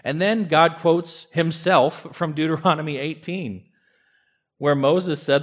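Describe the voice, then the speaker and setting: A man preaching a sermon in an earnest way, pushing his voice up for emphasis, dropping it low, and sometimes stammering into a restart. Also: takes it slowly. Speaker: pastor.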